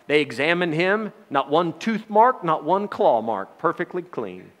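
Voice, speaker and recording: A man's voice: on the high side, sing-song, unhurried, hardly any pauses, fairly bright tone. A man preaching a sermon in a folksy, joking manner, with frequent laughs.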